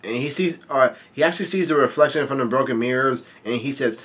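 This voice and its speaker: A man casually narrating a comic chapter as a vlogger, halting and full of fillers and restarts. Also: mid-range voice, a bit bright, husky. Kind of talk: casual read-through narration.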